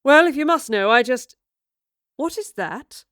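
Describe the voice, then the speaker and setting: A woman's voice: sits high, expressive, measured pace, fairly bright tone, no echo, studio quality, voice pushed up. Female narrator doing a sneering villain who swings from smarmy charm to threats. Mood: smug. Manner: smug, then snarling and threatening. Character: menacing, volatile man hiding his true identity.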